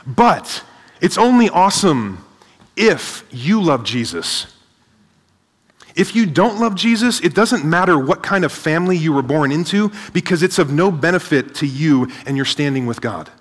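A man preaching a sermon to a seated audience, energetic, asking rhetorical questions and often adding "right?". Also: a little high, moderate pace. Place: large hall with a live audience. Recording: long hall reverb.

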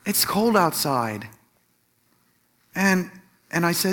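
A middle-aged man telling a personal story in a sermon, animated and self-laughing, acting out what others said. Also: high-pitched, normal speed. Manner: animated storytelling, acts out quotes, laughs at himself. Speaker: Christian teacher or pastor.

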